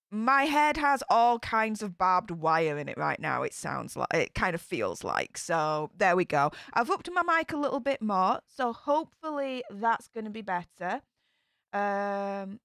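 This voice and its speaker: A woman's voice: medium pitch, fairly bright tone, smooth, no room sound, clean studio sound. Chatty Yorkshire woman live-streaming. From England. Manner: chatty, greets viewers by name. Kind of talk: casual live-stream chat.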